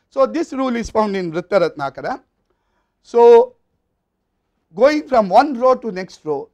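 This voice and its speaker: A man with an Indian English accent giving a recorded lecture, explaining step by step in a measured way and trailing off at the ends of phrases. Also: very high voice.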